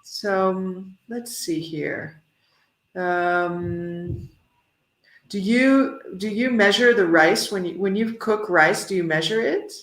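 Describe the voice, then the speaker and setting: A woman's voice: medium pitch, slow pace. A woman with an American accent teaching an online English lesson, playful and full of praise for her students. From United States. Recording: roomy echo.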